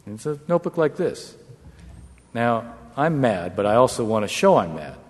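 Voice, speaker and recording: A man's voice: medium pitch, sing-song. Wry man telling a story in a hall. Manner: measured, wry storytelling with brief chuckles. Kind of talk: anecdote told to an audience. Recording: long hall reverb.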